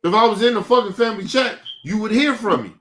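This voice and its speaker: A young man holds forth on his stream in a heated, profane rant. He circles back and repeats his points, and his voice sits a little higher than most men's. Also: fast, a bit bright. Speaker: streaming show host. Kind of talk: casual rant to a stream audience.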